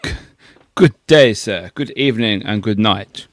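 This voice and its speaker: A man's voice: fairly low pitch, measured pace, dry recording. A man chatting as a podcast co-host from his bedroom, teasing and swearing casually. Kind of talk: casual chat.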